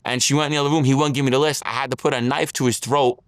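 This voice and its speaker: A man's voice: mid-range voice, steady tone, very fast, no echo, clean studio sound. A man telling his story as an interview guest, in blunt street talk, acting out the lines of others.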